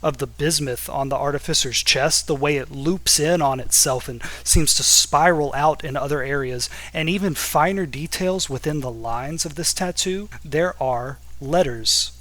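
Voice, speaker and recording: A man's voice: fairly high pitch, normal speed, hardly any pauses, a bit bright. A man narrating a tabletop role-playing game as game master, casual and loose with filler words.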